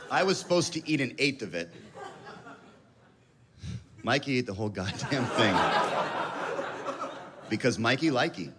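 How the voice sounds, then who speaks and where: A man in his thirties doing stand-up, telling a story about himself in an animated, self-mocking way. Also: fairly low pitch, noisy background. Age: 30s. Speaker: stand-up comedian. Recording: live club with audience laughter. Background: audience laughter.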